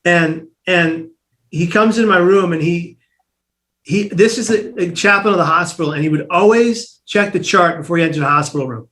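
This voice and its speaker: A man as an interview guest, telling a personal story in an animated way, acting out the voices of the people in it and often restarting his sentences. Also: high-pitched, normal speed.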